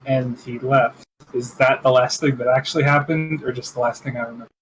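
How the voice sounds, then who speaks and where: A man's voice: mid-range voice, little pitch movement, fairly quick, rough recording. A man playing in a tabletop game, speaking hesitantly. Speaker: player.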